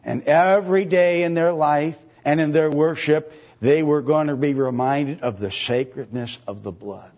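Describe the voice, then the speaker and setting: A man's voice: a little high, moderate pace, few pauses, darkish tone. A man preaching a sermon, reading scripture aloud and pressing the congregation with emphatic repeated questions. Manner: reads archaic scripture aloud. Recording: dull lo-fi recording.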